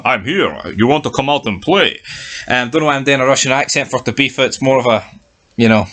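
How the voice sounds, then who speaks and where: Ranting man, bright tense voice. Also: medium pitch. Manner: animated, swears freely, rants. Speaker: TV review podcast co-host. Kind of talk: casual review chat.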